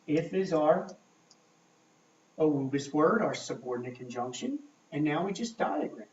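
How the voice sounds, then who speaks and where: A man teaching a grammar lesson at a board, talking slowly and checking in often with "okay?". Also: a little high, sing-song, darkish tone, a little hiss or hum. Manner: slow, checking in with frequent "okay?". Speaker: English teacher. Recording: echoey room, mic far off, dull lo-fi sound.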